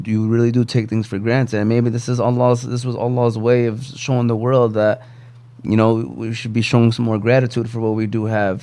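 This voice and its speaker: A man's voice: lowish voice, darkish tone, clean tone, no room sound. A man hosting a podcast, talking reflectively in a casual chat with many restarts. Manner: reflective, talks in restarts and "you know". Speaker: podcast host.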